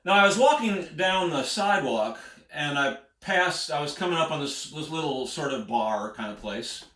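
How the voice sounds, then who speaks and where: A man's voice: on the high side, animated, moderate pace, fairly bright tone. An American man, a singer-songwriter, telling a rambling road story in a folksy way, chuckling often. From United States. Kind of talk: casual spoken storytelling. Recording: echoey room.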